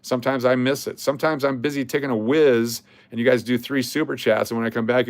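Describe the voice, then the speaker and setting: A man's voice: medium pitch, steady tone, fast, hardly any pauses, no echo. A man hosting a casual livestream, talking to his chat in a blunt, joking, rambling way. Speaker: livestream host.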